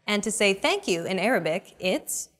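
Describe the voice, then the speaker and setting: A woman's voice: mid-range voice, expressive, normal speed, fairly bright tone, a little hiss or hum. A young adult woman hosting a language lesson, with a scripted, upbeat coaching delivery.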